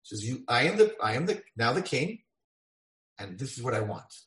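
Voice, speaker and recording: A man's voice: medium pitch, a little fast. A man giving a storytelling Torah lecture, acting out the voices of the figures in his stories. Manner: animated, acts out voices in dialogue. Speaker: rabbi lecturer. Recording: echoey room.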